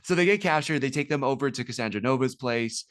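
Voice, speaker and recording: A man's voice: mid-range voice, fast talker, fairly bright tone, clear, resonant tone, no room sound, studio quality. A man co-hosting a podcast, talking casually about a movie and rambling through fillers and restarts. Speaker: podcast co-host.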